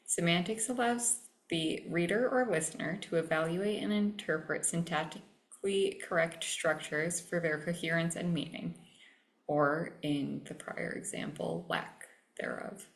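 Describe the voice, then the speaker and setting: A woman giving a scripted presentation on sentence structure and meaning, reading deliberately from prepared notes. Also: fairly low pitch, poor audio. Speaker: student presenter.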